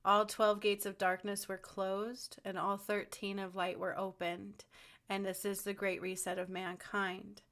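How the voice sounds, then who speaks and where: A woman's voice: mid-range voice, little pitch movement, unhurried, a bit bright. A woman giving a rambling, fervent spiritual monologue to camera, with frequent ums and restarts. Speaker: spiritual channel host.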